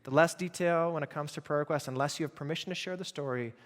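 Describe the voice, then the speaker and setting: A man's voice: fairly high pitch, fast. Man preaching in a reverberant church. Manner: conversational, emphatic preaching with asides to the congregation. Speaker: pastor. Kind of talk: sermon. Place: church sanctuary.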